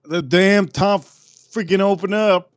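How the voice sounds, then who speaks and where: Man hosting a livestream with loose, profane jokes; a slightly high voice, dry and close. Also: slow pace, dry recording. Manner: rambling, joking, profane. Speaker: livestream host. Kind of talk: casual livestream chat.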